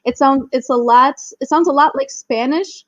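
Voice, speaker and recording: Young woman, podcast guest, fairly high voice, enthusiastic, filler-heavy, dry, slightly muffled audio. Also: normal speed, a bit bright, no echo. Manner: chatty, many "like" fillers, enthusiastic. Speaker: guest, Spanish teacher. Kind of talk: casual podcast chat.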